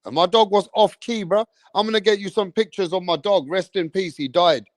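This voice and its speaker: A man, hosting a live stream, telling rambling stories in an animated way, swearing often and tagging lines with "bruv". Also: sits high, brisk, dry recording, clean studio sound. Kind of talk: rambling storytelling.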